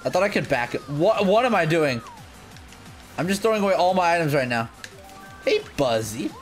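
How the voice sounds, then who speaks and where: A man giving live gameplay commentary, excitable and self-mocking, going from muttering to shouting. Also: on the high side. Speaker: gaming video creator.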